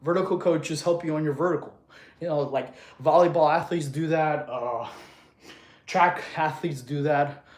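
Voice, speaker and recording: A man's voice: fairly high pitch, moderate pace. A man coaching fitness on a casual livestream, laughing often and answering chat questions, filmed on a tripod camera.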